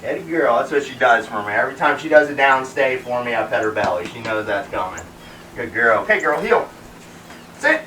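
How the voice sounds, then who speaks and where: A man training a dog outdoors in the shade, explaining calmly between sharp sit and heel commands, recorded by a camera at a distance. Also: mid-range voice, brisk, a little hiss or hum. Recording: roomy, distant outdoor sound, faint ambience.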